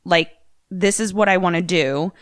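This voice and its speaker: A woman voicing a calm male sculptor from a horror film, in a casual, breezy paraphrase while retelling it on a podcast. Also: fairly low pitch, normal speed, dry recording, studio quality, close to an everyday voice.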